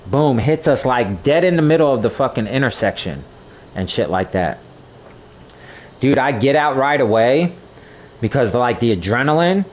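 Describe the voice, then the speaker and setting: A young man streaming a game, telling rambling, profane stories in casual chat. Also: medium pitch. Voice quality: rambling, profane, animated storytelling. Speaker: gaming streamer. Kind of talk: casual chat while gaming.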